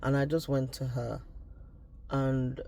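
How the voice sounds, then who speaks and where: A man's voice: medium pitch, flat delivery, takes it slowly, creaky, darkish tone. A man from Nigeria, talking through personal reflections in a casual diary vlog, often trailing off and restarting his thoughts. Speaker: vlogger.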